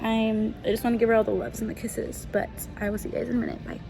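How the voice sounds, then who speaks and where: A woman's voice: on the high side, fast, creaky. A young woman vlogging casually to her phone while car shopping, chatty and a little tired, saying "like" and "guys" often. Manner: chatty, excited, lots of "like" and "guys". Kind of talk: casual vlog to camera. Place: car dealership lots and showrooms. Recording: phone video with loud background noise. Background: kids playing and people talking.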